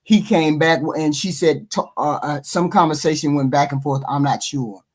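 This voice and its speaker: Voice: mid-range voice, normal speed, darkish tone. Speaker pressing with repeated questions. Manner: challenging, asks pointed questions again and again. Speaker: podcast co-host. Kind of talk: heated debate.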